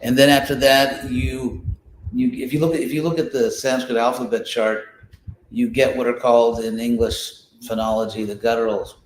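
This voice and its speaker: A man's voice: medium pitch, flat delivery, moderate pace. A man teaching a study class in an informal spoken lecture, explaining with examples, restarting phrases and sounding out syllables aloud. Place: class in a room, with listeners present. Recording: echoey room with faint ambient noise.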